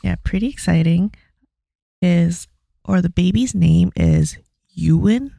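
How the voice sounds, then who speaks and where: A young woman co-hosting a podcast, chatting casually and telling stories in a relaxed way. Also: on the low side, takes it slowly, gravelly, no room sound, clean studio sound. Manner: relaxed storytelling, laughs easily. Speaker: podcast co-host. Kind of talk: casual chat.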